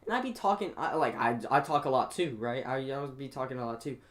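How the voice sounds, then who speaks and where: A man's voice: mid-range voice, animated, fast. A teenage boy hosting a stream, telling school stories in a rambling casual chat full of fillers. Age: teens. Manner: rambling storyteller with many fillers and restarts. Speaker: streamer host.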